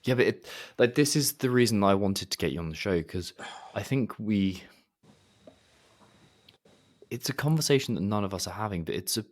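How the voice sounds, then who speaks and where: A podcast host with a very deep voice talks in a casual, reflective way. He sounds enthusiastic about his guest's work. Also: lively intonation, moderate pace, long pauses. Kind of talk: casual interview chat.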